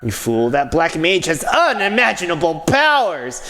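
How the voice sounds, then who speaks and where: A man doing a pompous gruff knight captain. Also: on the high side, sing-song, measured pace, pushed and bright, a little hiss or hum, full character voice, rough recording. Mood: stern.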